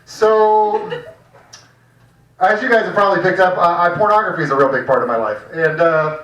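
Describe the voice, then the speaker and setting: A man hosts a stand-up night with a high, bright voice, rambling loosely and swearing freely. The room sounds echoey and the mic distant, with faint noise in the background. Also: moderate pace. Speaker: comedy show host. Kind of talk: stand-up hosting. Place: small cafe comedy room.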